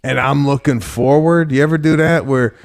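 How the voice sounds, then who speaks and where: A man's voice: mid-range voice, fairly even intonation, moderate pace, creaky, no room sound, studio quality. A man co-hosting a comedy podcast, ranting animatedly and acting out little scenes. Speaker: podcast co-host. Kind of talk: casual comedy chat.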